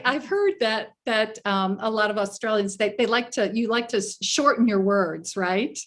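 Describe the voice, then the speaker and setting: A woman's voice: medium pitch, expressive, moderate pace, hardly any pauses, fairly bright tone. A woman from the USA hosting an online wellness summit, introducing her guest with eager enthusiasm over a video call. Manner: enthusiastic, gushing. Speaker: summit host, life coach.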